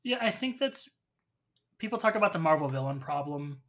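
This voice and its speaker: A man hosting a podcast, his voice bright and sharp in tone. He talks at length in a relaxed, conversational way, explaining his points and leaning on fillers. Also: fairly high pitch, fairly quick. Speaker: podcast host. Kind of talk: casual chat reviewing a show.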